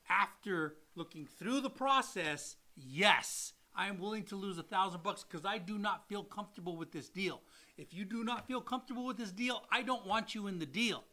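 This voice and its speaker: Fielding viewer questions on a casual livestream he co-hosts, this middle-aged loan officer sounds animated and salesy. He speaks at a normal speed in a high-sitting voice.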